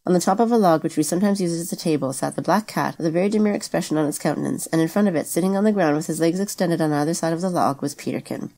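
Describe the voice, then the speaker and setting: Fast-reading low-voiced woman narrator. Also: dark tone. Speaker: audiobook reader. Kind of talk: scripted narration of a novel.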